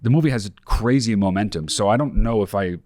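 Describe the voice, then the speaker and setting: Quick rambly guy in his 30s, lowish voice, podcast banter, dry close mic. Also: darkish tone, dry recording. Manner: rambling, self-deprecating. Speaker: podcast co-host. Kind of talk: casual banter.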